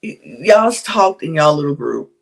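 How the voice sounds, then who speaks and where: A woman's voice: deep voice, big pitch swings, unhurried, gravelly. A woman hosting a podcast, giving a candid, chatty recap of a reality show, with frequent sighs and laughs. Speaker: podcast host.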